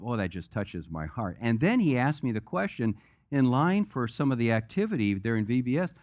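A male pastor delivers a sermon in a relaxed, chatty way and tells jokes along the way. His voice sits at an ordinary middle pitch. The church recording sounds a little dull and muffled. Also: moderate pace. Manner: conversational, joke-telling preacher. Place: church sanctuary.

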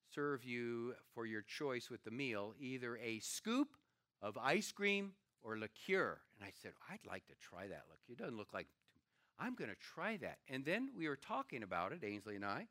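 An older man, a pastor, preaching a sermon with animated storytelling and acted-out quotes. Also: medium pitch, moderate pace, no echo.

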